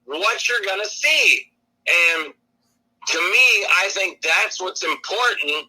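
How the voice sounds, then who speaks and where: A high, very bright and cutting male voice that talks casually and animatedly, jumping into goofy voices to act out scenes. It has a slightly radio-like sound. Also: moderate pace, breathy edge, rough recording. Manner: animated, acts out scenes in exaggerated put-on voices. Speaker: actor and filmmaker guest. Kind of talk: casual podcast chat.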